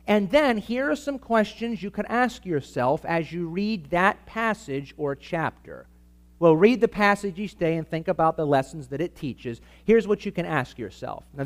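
A man preaching to a live church audience in an emphatic teaching style, asking the listeners for amens. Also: high-pitched. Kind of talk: sermon-style teaching talk.

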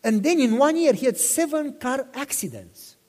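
A man's voice: very high voice, animated, moderate pace, darkish tone. A pastor in his fifties preaching a sermon, telling personal stories with passion, repeating himself and asking listeners questions. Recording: long reverb in a hall.

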